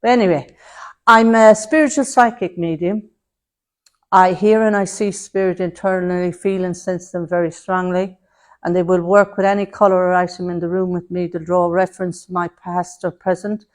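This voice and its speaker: Before an audience in a spiritualist centre hall, a woman gives a mediumship demonstration, passing on messages in quotes and chatting away while calling people love and darling. Her voice is fairly low and steady, at a normal speed.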